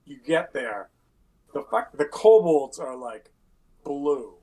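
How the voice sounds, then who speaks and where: A man's voice: on the high side, big pitch swings, slow pace, warm tone. A man running a tabletop game as game master, casual and profane, acting out scenes with sound effects.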